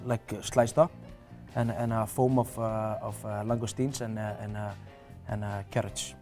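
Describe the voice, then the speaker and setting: A man from Iceland with an Icelandic accent, a guest chef on a TV cooking segment, speaking English haltingly with many fillers and repeats. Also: fairly low pitch, flat delivery, a little mellow, faint music behind. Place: TV studio kitchen.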